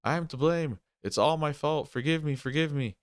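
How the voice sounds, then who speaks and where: A man playing a broken old man in a game text adventure, his voice strained high as he laments. He pleads in a clear, smooth tone that rises over his own usual low pitch. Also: normal speed, close to an everyday voice. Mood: wailing. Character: frail, senile old man, guilt-ridden and wailing.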